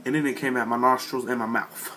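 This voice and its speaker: A teenage boy telling a storytime vlog rant, profane and animated, acting out the people in his story. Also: mid-range voice, fast talker, soft background music. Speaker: vlogger.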